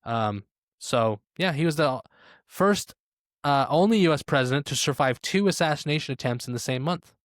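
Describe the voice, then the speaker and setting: A man's voice: a little high, animated, normal speed, dry recording. Man in a dry podcast chat. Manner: storytelling with filler "uh" and "like", wry asides. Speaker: podcast co-host. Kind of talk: casual chat.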